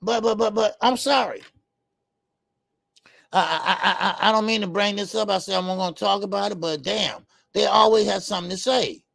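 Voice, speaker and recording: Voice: medium pitch, normal speed, vocal fry, fairly bright tone, no room sound. A boxing show host ranting in a heated talk-show style, fired up, repeating points and talking straight to viewers.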